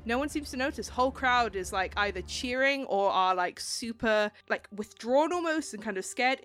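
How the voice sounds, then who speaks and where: A woman narrating a tabletop game as game master, chatty, with many fillers and quick laughs. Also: fairly high pitch, animated.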